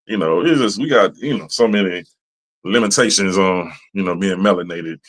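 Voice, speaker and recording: A man hosting a podcast in a casual, profane, animated monologue, laughing often and jumping high in pitch when he rants. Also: normal speed. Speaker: podcast host.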